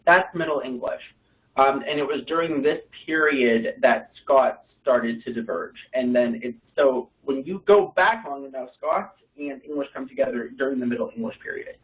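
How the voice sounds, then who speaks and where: A man lectures to a class from some distance away from the mic, so his voice sounds thin and far off. The recording is dull and muffled. He explains things in a loose, conversational way, often pausing to search for the right word. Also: medium pitch. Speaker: teacher. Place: classroom with online listeners.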